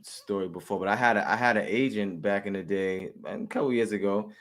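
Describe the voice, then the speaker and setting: A man's voice: fairly low pitch, a little fast, soft background music. Easygoing man talking about acting. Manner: relaxed, many restarts and repeated words, laughs often. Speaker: actor and guest. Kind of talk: casual interview chat.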